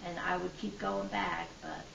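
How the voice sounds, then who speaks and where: An older woman telling her life story in an interview, earnest and lively in her retelling. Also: lowish voice, unhurried, gravelly. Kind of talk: personal storytelling. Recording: distant, dull, noisy, roomy.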